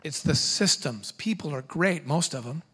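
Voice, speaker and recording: A middle-aged man giving a humorous seminar talk to parents, animated and quick with joking asides. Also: on the high side, slightly rough.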